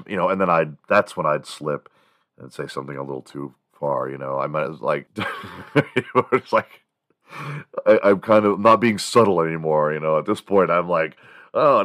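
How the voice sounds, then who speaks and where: Very deep-voiced man telling rambling stories. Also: a bit bright, no echo, clean studio sound. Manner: rambling, profane, laughs at his own stories. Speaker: morning show host. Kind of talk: casual comedic storytelling.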